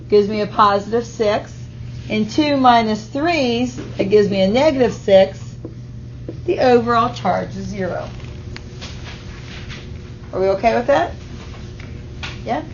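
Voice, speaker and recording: A woman's voice: a little high, unhurried, long pauses, a little hiss or hum. Woman teacher lecturing a chemistry class. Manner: explains step by step, checks in with "okay?". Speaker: high school chemistry teacher. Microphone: auto-tracking camera mic. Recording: slightly muffled classroom recording.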